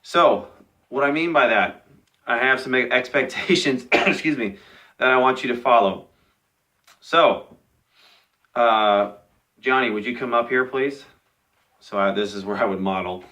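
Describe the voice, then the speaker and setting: Bright-voiced male teacher laying out rules. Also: mid-range voice, measured pace, pauses often. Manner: patient, repeats rules and checks with "okay". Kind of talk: modeling classroom instructions to young students.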